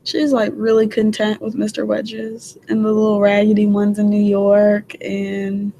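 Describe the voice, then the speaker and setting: Blunt, cussing young woman co-host, gravelly voice, faint background noise. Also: mid-range voice, completely flat delivery, unhurried, warm tone, muffled recording. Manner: blunt, profane. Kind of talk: casual chat.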